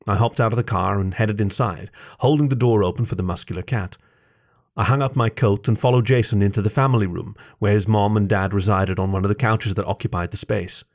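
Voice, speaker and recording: A man reading a first-person story aloud with expressive narration. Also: lowish voice, a little fast.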